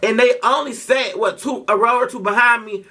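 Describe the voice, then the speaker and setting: A man's voice: very high voice, moderate pace, bright, forceful tone, distant mic. A man telling a story casually to his vlog audience, slangy and profane, with lots of restarts. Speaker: vlogger.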